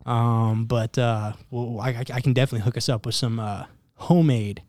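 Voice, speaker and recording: A man, hosting a casual podcast chat and telling stories in an upbeat, animated way. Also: medium pitch, brisk, no room sound, studio quality. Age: 30s. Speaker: podcast host.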